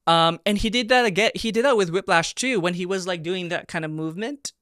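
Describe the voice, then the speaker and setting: A man in his thirties hosting a reaction video, giving casual and animated commentary with excited exclamations. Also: high voice, a little fast, dry recording, clean studio sound. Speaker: reaction video host, performer.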